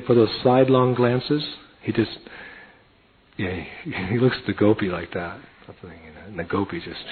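A man's voice: lowish voice, breathy edge. Earnest man telling a story, tinny audio. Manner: heartfelt, earnest, often drops to a near whisper. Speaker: devotee telling a personal story. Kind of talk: storytelling sermon.

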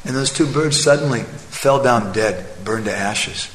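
A man's voice: mid-range voice, a little slow, hardly any pauses, fairly bright tone, slight background noise. A male preacher giving a conversational sermon, telling a story and often checking in with the audience. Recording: echoey hall, faint ambience.

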